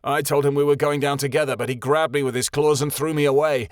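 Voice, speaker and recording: A man's voice: on the high side, steady tone, quick pace, no echo, studio quality, voice pushed up, natural voice. A man voicing a wounded, remorseful husband and father, pleading in a broken tone.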